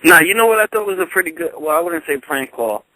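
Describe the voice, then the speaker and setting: A man chatting easily on a call-in show, with a very bright, sharp tone at a middling pitch. The sound is dry and close. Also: lively intonation, fast talker, no echo, low-quality recording. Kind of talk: casual call-in show chat.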